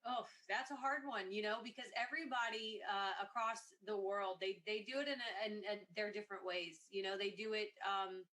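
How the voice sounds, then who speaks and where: Bright reflective woman co-host. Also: medium pitch, fairly even intonation, moderate pace, hardly any pauses. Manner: reflective, with many fillers. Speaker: co-host and former Marine. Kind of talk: casual interview answer.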